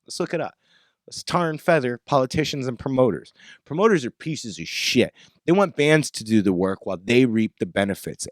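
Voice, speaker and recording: A man's voice: no room sound, clean studio sound. Profane, heated man ranting on a podcast. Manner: swings between loud outbursts and low muttering. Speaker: podcast host. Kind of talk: off-the-cuff ranting monologue.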